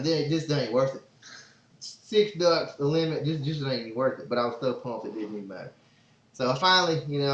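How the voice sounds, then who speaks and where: A man hosting a podcast, telling a long story in a casual, excitable, rambling way. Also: fairly low pitch. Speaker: podcast host and father. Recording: roomy, slightly dull sound.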